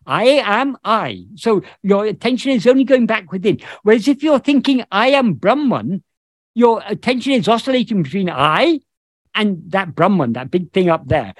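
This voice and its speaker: Male spiritual teacher, British accent, lively rising and falling delivery, video-call talk, careful and halting. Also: high voice, no echo, clean studio sound. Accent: British English. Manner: thoughtful, searching for words with many restarts. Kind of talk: explaining scripture in an online meeting.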